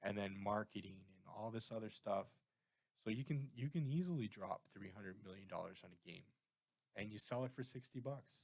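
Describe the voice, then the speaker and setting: A Canadian man with a lowish voice rambles through a casual podcast chat, animated and prone to tangents. His voice sounds dry and close to the mic. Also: brisk, vocal fry, no echo. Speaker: podcast co-host.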